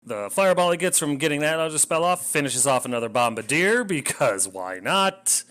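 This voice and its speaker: A man's voice: fairly high pitch, lively intonation, fast talker, a bit bright. A man casually narrating a tabletop wargame battle report, rambling, self-deprecating and swearing when things go wrong.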